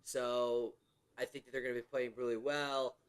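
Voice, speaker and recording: A man's voice: medium pitch, little pitch movement, moderate pace. A man co-hosting a casual sports chat, talking loosely with lots of hesitation. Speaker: podcast co-host.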